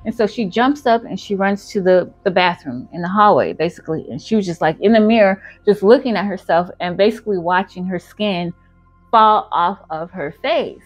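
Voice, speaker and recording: A woman's voice: mid-range voice, normal speed, faint music behind. A woman telling a storytime in a casual, chatty way, full of fillers. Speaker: channel host.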